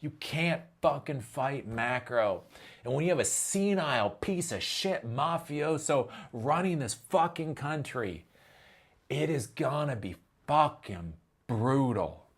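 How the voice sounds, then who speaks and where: A man ranting in a commentary vlog, his pitch swinging up and down. He swears freely and bursts into loud exasperated outbursts, then drops low again. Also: expressive, takes it slowly, husky. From Ohio, US. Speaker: tech commentary host.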